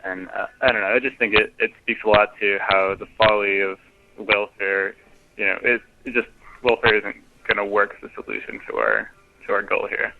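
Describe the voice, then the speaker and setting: A man's voice: lowish voice, expressive, normal speed, gravelly. A man leaving a casual, profane voicemail rant, full of fillers and restarts, heard over a phone line. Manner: profane, hesitant with many fillers. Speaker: voicemail caller. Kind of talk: casual ranting phone message.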